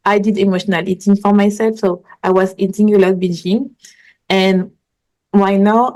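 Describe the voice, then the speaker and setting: A woman appears as a guest on a casual interview podcast, a manifestation coach telling earnest, rambling stories in non-native English. Her voice is mid-range with a darkish tone, and the recording is rough.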